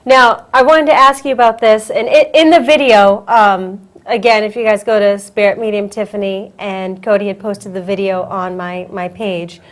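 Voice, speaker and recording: A woman hosting a casual talk show, chatty and quick to laugh, with a cough. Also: mid-range voice, fairly even intonation. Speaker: host.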